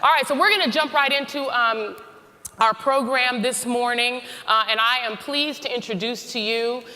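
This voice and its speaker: Bright upbeat woman hosting a hall event. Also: on the high side, moderate pace. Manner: upbeat, playful with the crowd. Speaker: moderator. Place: large conference hall. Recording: echoey hall with crowd.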